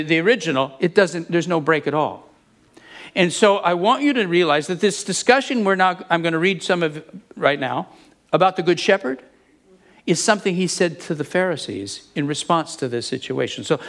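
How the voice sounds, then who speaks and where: A man preaching a sermon, retelling a Bible story with animated storytelling and acting out the speakers he quotes. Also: a little high.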